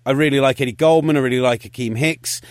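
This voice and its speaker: A man's voice: mid-range voice, no echo, clean studio sound. A man co-hosting a podcast, talking sports in a casual, opinionated and wry way. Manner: opinionated, rapid-fire and wry. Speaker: podcast co-host.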